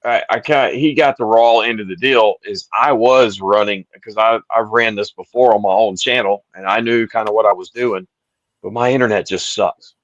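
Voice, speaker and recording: A host with a fairly low voice chats loosely and tells stories with plenty of "you know"s. The stream audio is dull and lo-fi, and the sound is dry and close. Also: male voice, normal speed, no echo. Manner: relaxed, chatty storyteller, says "dude" and "you know". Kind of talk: casual live-stream chat.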